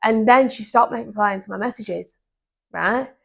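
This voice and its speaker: A young woman, co-hosting a podcast and telling a story in an animated, indignant way. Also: mid-range voice, normal speed, creaky. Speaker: podcast co-host. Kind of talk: casual chat.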